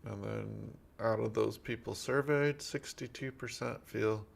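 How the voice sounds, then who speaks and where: A tired man co-hosting a casual chat, reading out poll results in a sleepy-sounding, gravelly voice. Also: fairly low pitch, fairly even intonation, unhurried.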